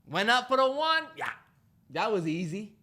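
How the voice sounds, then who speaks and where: A man with a high, bright voice swings his pitch widely as he co-hosts a casual podcast chat. He tells a story animatedly and acts out the lines people said to him. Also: normal speed. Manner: animated storyteller acting out quotes. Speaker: podcast co-host.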